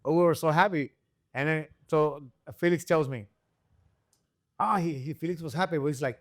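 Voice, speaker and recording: A man from Rico, a guest and engine builder telling a story in a casual interview, acting out the people he quotes with sudden high voices. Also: normal speed, pauses often, no room sound. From Puerto Rico. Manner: animated storyteller who acts out quoted people with jumps in pitch.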